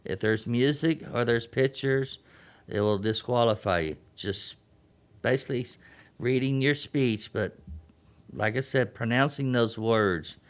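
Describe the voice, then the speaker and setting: A man's voice: mid-range voice, unhurried. A man, a guest on a radio show, earnestly explaining contest rules and repeating key points. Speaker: veterans post youth program chairman.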